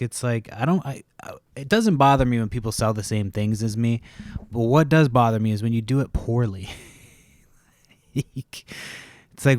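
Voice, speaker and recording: A man's voice: fairly low pitch, darkish tone, no echo, studio quality. A man hosting a podcast, telling a rambling story full of swearing, restarts and asides. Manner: profane, rambling, self-interrupting storyteller. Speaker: podcast host. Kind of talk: casual rambling monologue.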